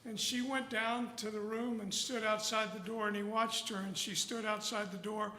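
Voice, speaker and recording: A man with a strikingly high, bright voice preaches in a sermon style. He tells folksy stories and leans into rising emphasis. His voice rings through a church hall with a long reverb. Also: flat delivery, normal speed, slight background noise. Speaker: guest preacher. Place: church sanctuary.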